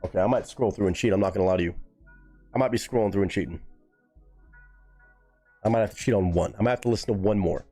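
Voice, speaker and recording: A man runs a casual live stream where he reacts to music and chats with viewers, cursing freely and talking quickly with frequent pauses. He's animated, and his voice leaps high whenever something surprises him, while faint music plays behind him.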